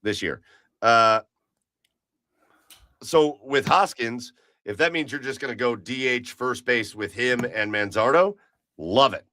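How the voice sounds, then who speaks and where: A man's voice: medium pitch, unhurried, pauses often, bright, forceful tone, no room sound. A man co-hosting a podcast, chatting casually about baseball in a rambling way, full of restarts. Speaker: podcast co-host. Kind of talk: casual sports chat.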